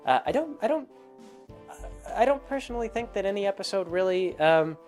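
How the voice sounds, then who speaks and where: A man's voice: high-pitched, lively intonation, fairly quick, darkish tone, soft background music. A man hosting a casual spoken commentary, rambling along with many fillers and restarts. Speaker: host.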